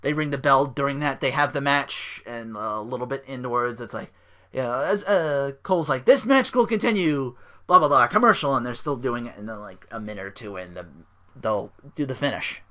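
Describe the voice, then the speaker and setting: A man hosts a casual solo podcast and recaps events in a loose, rambling way. He leans on fillers and swears freely. His voice has a bright, forward edge. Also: medium pitch, moderate pace. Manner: rambling, profane, lots of fillers. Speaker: podcast host.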